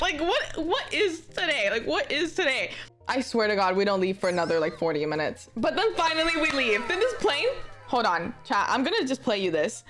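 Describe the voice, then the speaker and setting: Young woman ranting storytime to chat, high voice, all over the place, swears a lot, faint music behind. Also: normal speed. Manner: animated, swears a lot, swings from flat complaint to shrieking disbelief. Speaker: streamer. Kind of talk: casual storytime vlog.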